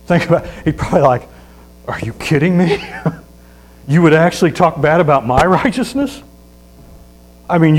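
A man voicing a smug rich man proud of his own righteousness, in a sermon, speaking low and quick. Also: a little mellow, close to an everyday voice, low-quality recording.

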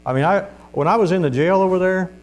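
A man's voice: sits high, fast talker, darkish tone. A middle-aged man preaching informally as a street preacher, telling stories in a folksy way with laughs and calls of "Amen?". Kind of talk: informal testimony sermon.

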